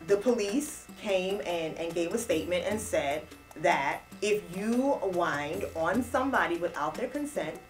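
A woman from Trinidad co-hosting a casual talk show, telling a story in a chatty, animated way. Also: fairly low pitch, measured pace, faint music behind. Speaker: co-host. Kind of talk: casual chat.

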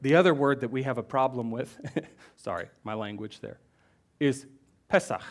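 A middle-aged pastor preaching in church, who speaks with feeling and moves between loud, stressed lines and hushed, almost whispered words. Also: male voice, medium pitch, normal speed. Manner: emotional, swings from loud emphasis to hushed near-whispers. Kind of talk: sermon.

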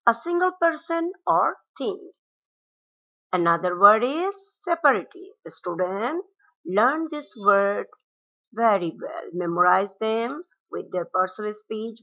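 A woman teacher, reading out English words and their meanings slide by slide in a measured classroom cadence. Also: medium pitch, expressive. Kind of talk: slide-based vocabulary lesson. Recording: dull lo-fi recording.

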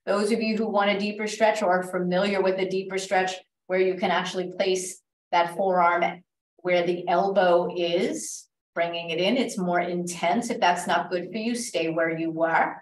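A woman leads a stretch class, talking people through each move with calm, step-by-step cues and gentle reminders not to force anything. Her voice sits fairly low. The sound is roomy and echoey, and she is heard from some distance away from the mic. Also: normal speed. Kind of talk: guiding an exercise class. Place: library class room.

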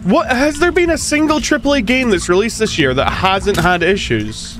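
A man's voice: high-pitched, lively intonation, normal speed, over music. A man giving casual commentary while playing a game, ranting in frustration and swearing.

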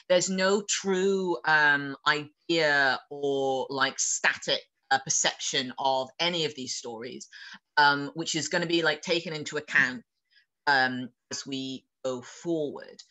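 A man giving a casual online lecture as a guest speaker, hesitating often and filling pauses with "um" and "like". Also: fairly high pitch, pushed and bright, low-quality recording. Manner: hesitant, frequent "um" and "like".

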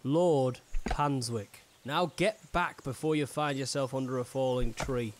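An actor playing a gruff woodcutter foreman in a narrative game, with a Northern English accent and a blunt, curt manner. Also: mid-range voice, unhurried, slight background noise, close to an everyday voice. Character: gruff working-class woodcutter foreman, middle-aged.

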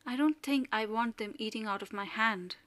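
A woman voicing an anxious middle-aged neighbour who speaks nervously in a hushed, whispery voice. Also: on the high side, moderate pace, dry recording, natural voice.

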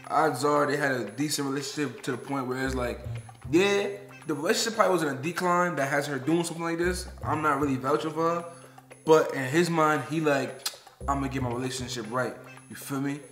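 A man's voice: fairly high pitch, a little fast, a bit bright, roomy sound, faint music behind. A young man hosting a casual reaction video, talking in loose slang and laughing along. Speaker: reaction channel host. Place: indoors, sit-down video.

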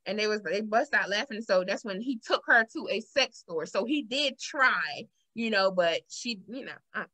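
Bright, lively woman podcast host. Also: mid-range voice, normal speed. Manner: animated storyteller who acts out the quotes. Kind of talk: casual chat.

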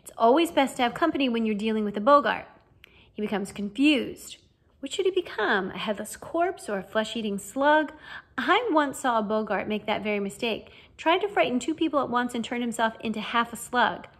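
A woman's voice: on the high side, lively intonation, fairly quick. Professor Lupin, a woman voicing a kindly teacher. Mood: encouraging. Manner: gentle, encouraging, explaining. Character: kindly middle-aged male teacher, calm, cheerful. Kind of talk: fan audiobook reading.

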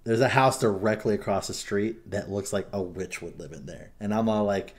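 A young man hosting a podcast in casual chat, an animated storyteller who swears freely. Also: lowish voice, moderate pace, background noise. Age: young adult. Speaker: podcast host.

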